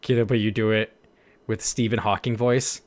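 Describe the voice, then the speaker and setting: A man's voice: fairly low pitch, steady tone, normal speed. A young man voice actor chatting casually with viewers, rambling with lots of "like" and laughing at himself. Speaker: voice actor streamer. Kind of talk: casual chat.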